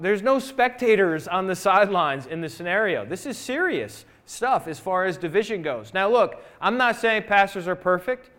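High-voiced pastor preaching conversationally. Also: male voice, big pitch swings, normal speed, hardly any pauses, fairly bright tone. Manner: conversational preaching with rhetorical questions. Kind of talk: sermon. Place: church sanctuary.

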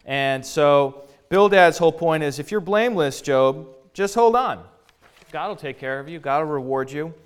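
A man's voice: fairly high pitch, clean tone. A man preaching from the Bible in a casual, conversational way, paraphrasing in modern slang and often repeating words as he goes.

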